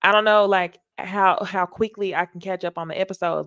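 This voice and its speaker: A woman's voice: on the low side, fairly even intonation, normal speed, hardly any pauses, a bit bright, dry recording. A woman with a Southern American accent hosting a casual, candid recap talk show, chatty and emphatic. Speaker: host.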